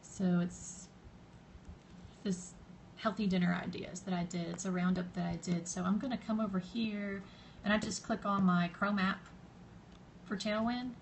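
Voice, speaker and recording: A woman's voice: medium pitch, steady tone, unhurried, creaky, long pauses, a little hiss or hum, low-quality recording. A woman with a Southern US accent hosting a casual live-stream tutorial, chatty and rambling with many fillers, greeting viewers by name as they drop in. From Southern United States. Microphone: phone camera.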